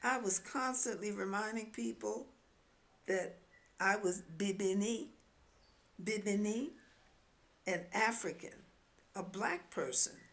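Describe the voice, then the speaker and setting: A woman's voice: mid-range voice, slow pace, pauses often, fairly bright tone. A woman with a New York accent, reading her memoir aloud in a wry, storytelling way. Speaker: memoir author.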